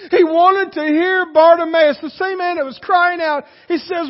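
A male preacher with a very high voice delivers a lively sermon, swinging from shouts to quiet asides. The sound is dull and rings with a long hall echo. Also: moderate pace. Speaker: pastor.

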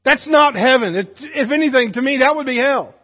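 A pastor preaches a sermon in a church sanctuary, emphatic and conversational, with joking asides to the congregation. His voice is very high and husky at a fairly quick pace, and the reverberant hall makes the sound dull and muffled.

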